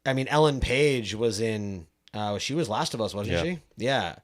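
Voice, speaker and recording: A man's voice: fairly low pitch, animated, moderate pace. A man hosting a podcast, chatting casually and enthusiastically, rambling a little. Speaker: podcast host. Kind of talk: casual podcast interview chat.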